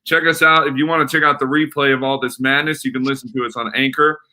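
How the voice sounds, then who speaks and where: A man's voice: medium pitch, steady tone, fast, pushed and bright, low-quality recording. A man hosting a sports fan podcast, upbeat as he wraps up the show and thanks listeners. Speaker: podcast host. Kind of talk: casual chat, show sign-off.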